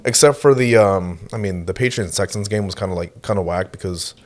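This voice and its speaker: Low-voiced and fairly quick, a young podcast co-host talks football in a loose, casual way. He's relaxed, laughs easily, and leans on frequent filler words.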